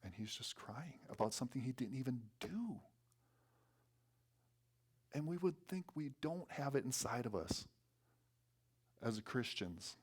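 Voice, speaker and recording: A man preaching a sermon as a guest speaker in a church, earnest and sometimes quickening with excitement. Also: medium pitch, husky. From North Dakota. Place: church sanctuary.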